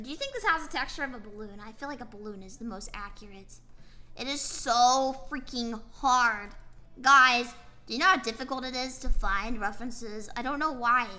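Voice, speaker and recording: A tired young woman with a high, sharp voice streams as a VTuber, rambling casually as she draws and answers her chat. Faint music plays in the background.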